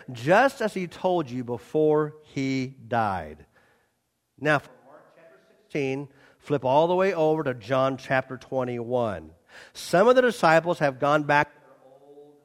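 A man preaching a sermon as a pastor, reading scripture and surging loudly on quotes and appeals. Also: a little high, long reverb tail.

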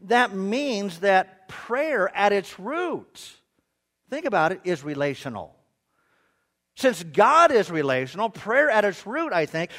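A middle-aged male pastor delivering a sermon with a notably high voice. His pitch leaps and dips constantly as he tells funny everyday stories, often stumbling into repeated words before he finds his point. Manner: animated, humorous storytelling with stammered restarts.

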